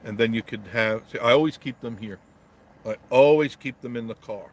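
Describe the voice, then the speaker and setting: A man's voice: mid-range voice, moderate pace. A middle-aged man from New York, chatting live from inside his car in traffic, answering viewer comments in a blunt, joking way. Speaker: travel vlogger reading live chat. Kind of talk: casual live-stream chat from a parked car.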